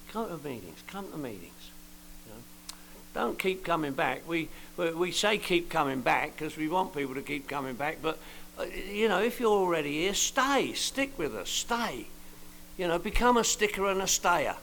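An older man shares his story with a meeting crowd in a casual, wisecracking way. His voice is gravelly and sits a little high. Faint noise hums under the talk. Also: a bit bright, rough recording. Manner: joking, colloquial storyteller with slangy asides. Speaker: recovery meeting speaker. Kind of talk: personal testimony to a meeting.

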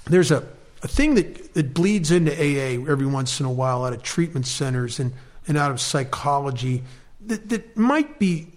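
An American man giving a recovery meeting talk, a wry, self-deprecating storyteller. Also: a little high.

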